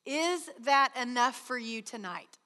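A woman's voice: on the high side, lively intonation, a little slow, bright, forceful tone. A woman giving an earnest sermon at a retreat, acting out prayer dialogues with God. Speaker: retreat speaker. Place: large hall. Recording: hall reverb.

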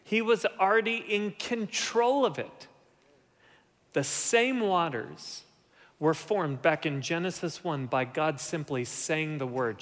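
A man preaching a sermon, animated, often dropping to soft, low tones for emphasis. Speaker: pastor. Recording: long hall reverb.

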